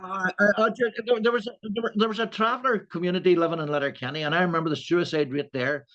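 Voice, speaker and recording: Man, chatty, stammering restarts, slightly high voice, dull lo-fi audio. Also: steady tone, fast, fairly bright tone. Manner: rambling, many restarts and stammers. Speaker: co-host. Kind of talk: casual chat.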